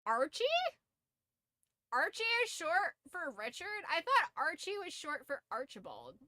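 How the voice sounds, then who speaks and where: A woman's voice: high voice, big pitch swings, measured pace, sharp tone, dry recording. A young woman streaming casually, who swears freely, laughs a lot and shrieks in disbelief. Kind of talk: casual live-stream chat.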